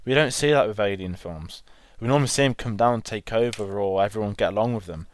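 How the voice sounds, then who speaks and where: A man's voice: lowish voice, fast, no room sound. A man co-hosting a film podcast, chatting enthusiastically and rambling with restarts. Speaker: podcast co-host. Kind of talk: casual film chat.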